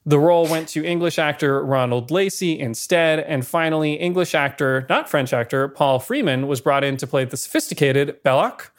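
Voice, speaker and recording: A man's voice: a little high, moderate pace, few pauses. Man chatting through film trivia. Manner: lively storytelling with asides and chuckles. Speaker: podcast co-host. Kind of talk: casual film-history chat.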